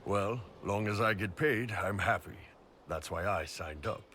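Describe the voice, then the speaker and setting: A man voicing a soldier and commander in a video game, speaking in a steady, assured way. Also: on the low side, unhurried, a little hiss or hum. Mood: casual. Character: gruff male soldier and commander.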